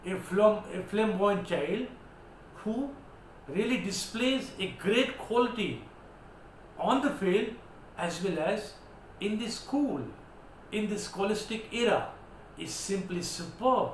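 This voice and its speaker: Indian guy teaching english words, high voice, really emphatic, roomy echo + a little noise. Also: animated, slow pace, pauses often. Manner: emphatic, declamatory, spells words out letter by letter. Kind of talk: vocabulary lesson. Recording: echoey room with faint background noise.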